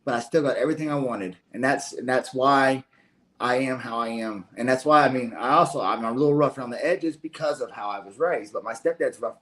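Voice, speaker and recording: A man's voice: mid-range voice, fairly quick, fairly bright tone. A man with a Kentucky Southern accent in casual late-night stream chat, rambling and indignant with many restarts. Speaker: stream co-host.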